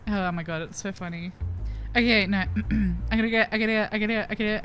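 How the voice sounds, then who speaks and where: A young woman streaming a visual novel, giggly, excitable and swearing freely as she reacts. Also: mid-range voice, fairly quick, slight background noise. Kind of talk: let's-play commentary.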